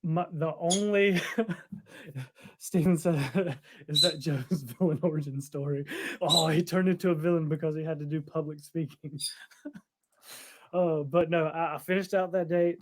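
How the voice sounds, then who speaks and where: Unhurried and a little high in pitch, this man co-hosts a podcast and rambles through a long story, laughing frequently in casual conversation. Heavy background noise runs beneath him.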